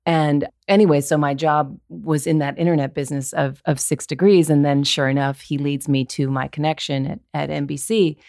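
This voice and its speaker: A woman's voice: sits low, steady tone, moderate pace, vocal fry, hardly any pauses, a little mellow, no echo, clean studio sound. A woman voiceover actor, a guest on a podcast, talking in a candid, earnest way as she thinks aloud. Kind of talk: casual interview chat.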